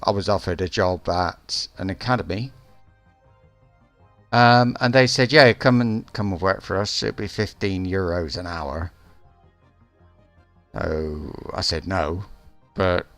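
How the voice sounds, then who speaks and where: A man's voice: deep voice, a bit bright, no room sound. A man streaming a game live, chatting casually in a rambling, hesitant way with lots of restarts.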